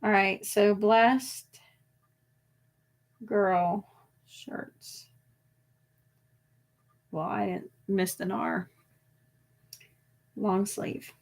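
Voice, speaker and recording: Woman, 40s, unhurried rambling live-stream host with a gravelly edge. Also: mid-range voice, fairly even intonation. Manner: rambling and chatty, trailing off mid-thought. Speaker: vlogger hosting a live stream. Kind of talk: casual live-stream chat.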